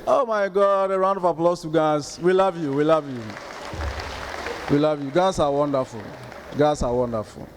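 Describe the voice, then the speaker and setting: A man in his thirties with a Ghanaian accent performs stand-up, animatedly telling stories and acting out other people's outbursts. His voice is on the high side at a normal speed, and there is background noise.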